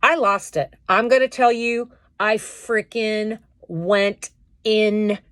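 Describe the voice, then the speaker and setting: A woman's voice: mid-range voice, slow pace, no echo, studio quality. A woman talking straight to camera in a casual vlog, angrily venting as she retells a fight at work. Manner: indignant, venting, animated retelling. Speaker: vlogger.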